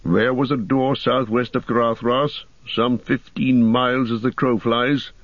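A man voicing a stern, commanding old male wizard in a storybook reading, speaking gravely and forcefully. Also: medium pitch, fairly even intonation, a little slow, no room sound, lightly acted. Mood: grim. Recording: dull dry audiobook recording.

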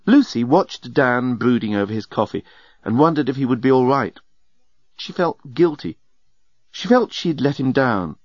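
Expressive male audiobook narrator. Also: mid-range voice, dry recording, dull audio. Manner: measured, expressive storytelling.

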